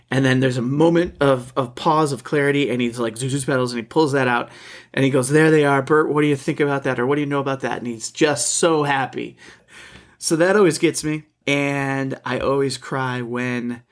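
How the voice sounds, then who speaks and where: A man co-hosting a casual film discussion, halting and restarting as he searches for his words. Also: mid-range voice. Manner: halting, repeats words while searching for thoughts. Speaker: podcast co-host.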